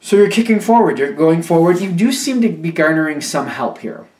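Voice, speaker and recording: A man's voice: fairly high pitch, animated, fairly quick, darkish tone. A young man giving a casual tarot reading, talking in a loose, repetitive, conversational way. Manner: conversational, repetitive, acts out imagined voices of the listener. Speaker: tarot reader. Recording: echoey room.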